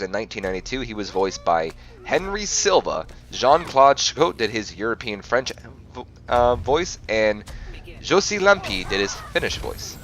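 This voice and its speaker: A man's voice: fairly low pitch, fairly bright tone, slight background noise. A man hosting a game playthrough, reading facts aloud and often stumbling and correcting himself. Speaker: gaming channel host.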